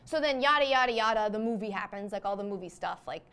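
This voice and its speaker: A woman's voice: medium pitch, animated, fast talker, fairly bright tone, smooth. A young woman hosting a comedy show, rambling through a made-up movie plot with lots of "like". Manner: rambling, peppered with "like". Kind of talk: comedic monologue.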